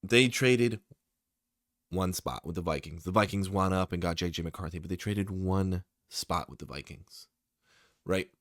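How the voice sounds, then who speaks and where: A sports YouTuber with a deep, unhurried voice talks straight to his viewers, giving casual, opinionated takes on football draft picks. He sounds tired late at night yet still excitable. The recording is dry and studio quality.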